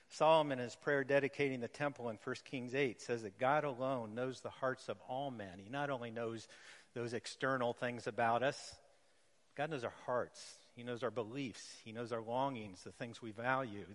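A man preaching a sermon as pastor, earnest and emphatic, slowing down to stress key phrases. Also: medium pitch. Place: church sanctuary. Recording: long church reverb.

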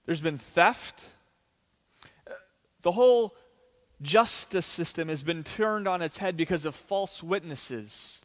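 A male pastor preaching a sermon, retelling a story with lively, animated storytelling. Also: a little high, big-room sound. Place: church sanctuary.

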